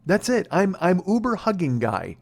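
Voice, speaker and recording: A man in his forties hosting a comedy podcast, telling a story in an excitable, profane way and laughing at himself. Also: high-pitched, moderate pace, gravelly. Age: 40s.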